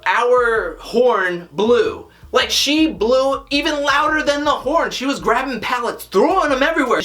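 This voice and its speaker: A woman's voice: fairly high pitch, a bit bright. Opinionated woman recapping a reality show. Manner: opinionated, exasperated rhetorical questions; chatty, rambling run-on sentences. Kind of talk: casual episode recap and commentary.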